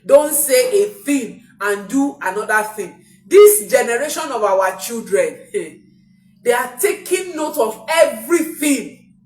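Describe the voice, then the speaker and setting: A woman's voice: fairly high pitch, lively intonation, slow, darkish tone. A woman, a parenting coach giving an emphatic motivational talk and repeating key phrases. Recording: echoey room, distant mic, faint music.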